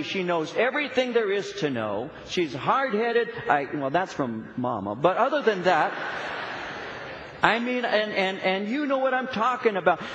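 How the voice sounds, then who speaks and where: A man's voice: high voice, a bit bright. Emphatic preaching man in an echoey hall. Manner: earnest, emphatic preaching with repetitions. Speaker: pastor. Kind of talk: sermon. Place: church sanctuary. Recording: echoey, dull church recording.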